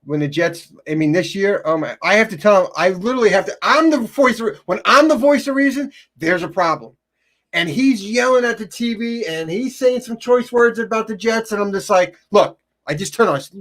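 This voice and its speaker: Middle-aged male podcast co-host, slightly high pitch, halting storyteller. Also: expressive, a bit bright. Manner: halting, many restarts, storytelling. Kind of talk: casual sports chat.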